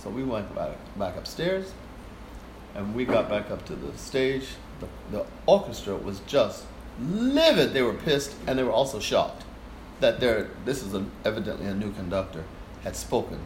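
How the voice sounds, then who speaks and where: Speaking at a moderate pace in a fairly low voice, this older guest performer conversationally tells a story and animatedly voices its characters. Echo from the room and a faint hiss come through on the recording.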